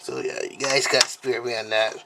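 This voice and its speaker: A man hosting a casual unboxing vlog at home, talking in a rambling, halting way with many fillers and apologies, recorded on the camera mic. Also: medium pitch, flat delivery, very noisy. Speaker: video host.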